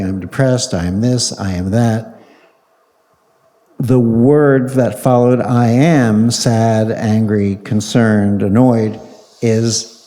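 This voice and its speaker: A man's voice: on the low side, mellow. A man leading a live audience through a guided exercise, coaxing and playful, repeating short commands. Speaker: speaker on a panel. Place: large hall with a live audience. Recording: long reverb of a large hall.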